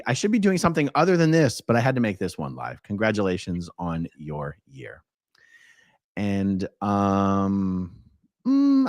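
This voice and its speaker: A man hosting a casual livestream, reading out viewer comments in a relaxed way with small asides. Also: low voice, dry recording, studio quality. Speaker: livestream host.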